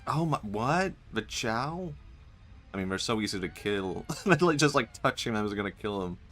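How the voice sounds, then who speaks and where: A man's voice: on the low side, animated, normal speed, a bit bright, faint music behind. A man streaming a video game, joking and laughing often with wry asides as he plays. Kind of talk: casual gaming commentary.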